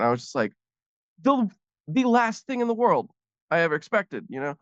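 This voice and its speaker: A man's voice: high-pitched, very animated, normal speed, pauses often, dry recording, highs cut off. A man, a guest comedian, telling a rambling story in casual chat with many fillers.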